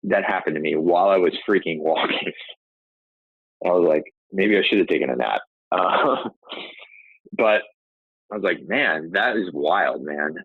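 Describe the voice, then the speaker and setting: Low-voiced male host telling a story off the cuff, full of restarts; thin phone-line audio. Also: expressive, a little slow, pauses often, husky, no room sound. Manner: rambling, frequent restarts and "like" fillers. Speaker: podcast host telling his own story. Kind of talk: casual conversational storytelling. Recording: tinny phone-like line, dry.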